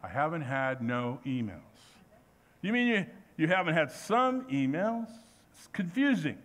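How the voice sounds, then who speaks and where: Male pastor preaching in church; animated, plays out quotes, voice a bit high. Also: a little slow. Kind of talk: sermon.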